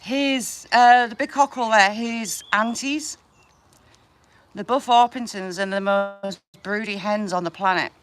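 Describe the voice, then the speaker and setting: A woman's voice: mid-range voice, unhurried. A woman chatting on a livestream while she feeds her chickens, affectionate and often laughing. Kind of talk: casual live chat with viewers. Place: outdoors in a chicken run. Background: chickens clucking and a rooster.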